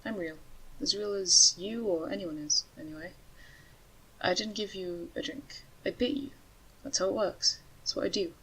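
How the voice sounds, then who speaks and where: A woman voicing a calm, wry male talking rattlesnake in a storybook reading, speaking in a matter-of-fact way. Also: medium pitch, moderate pace, slightly rough, poor audio. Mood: explaining. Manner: matter-of-fact, dryly joking.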